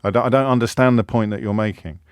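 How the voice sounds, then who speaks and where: A man's voice: fairly low pitch, fast talker, over a noisy crowd. A man hosting a radio phone-in, pressing a caller with pointed, repeated questions from a studio microphone.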